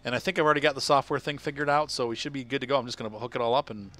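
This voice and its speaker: A man's voice: mid-range voice, steady tone, racing, pushed and bright, no echo. A man from Ohio chatting casually on a live game stream, rambling and laughing often. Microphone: headset.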